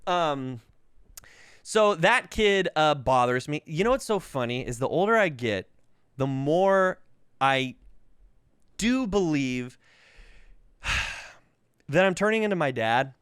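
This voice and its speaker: A podcast host in his thirties, ill with covid and coughing, shares profane comedic stories in casual conversation. His voice runs on the high side with a clear, resonant tone, and he takes it slowly with long pauses. The recording is dry and studio-clean, and he's animated, imitating voices in quotes.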